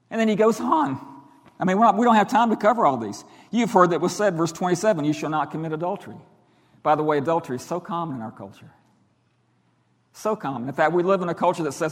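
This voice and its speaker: A middle-aged man preaching a sermon as pastor, emphatic, his voice rising loud and dropping quiet. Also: fairly high pitch, animated, fast. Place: church sanctuary. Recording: long hall reverb.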